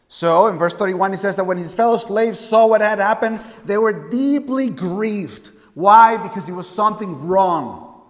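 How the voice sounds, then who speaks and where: High-voiced preacher in an echoing hall. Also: male voice, measured pace. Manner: emphatic, asks the congregation questions. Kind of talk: sermon.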